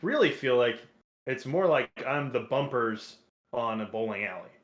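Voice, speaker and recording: A man co-hosting a podcast, speaking in a measured, thoughtful way with dry humor. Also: mid-range voice, lively intonation, roomy sound. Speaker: podcast co-host. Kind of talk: casual chat.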